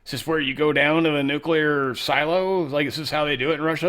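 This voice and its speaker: A man's voice: a little high, steady tone, a little fast, few pauses, a bit bright. A man hosting casual political commentary, rambling and profane with sarcastic asides. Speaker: show host.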